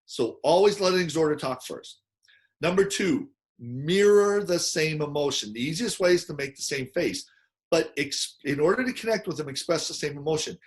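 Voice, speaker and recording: A man giving an animated teaching talk, acting out quoted people in loud, excited bursts. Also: on the high side, normal speed. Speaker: personality model speaker.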